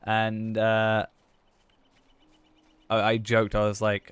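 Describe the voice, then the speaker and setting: A man's voice: lowish voice, completely flat delivery, takes it slowly, long pauses, clean tone, no room sound. Rambling self-mocking male game streamer. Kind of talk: casual gameplay chat.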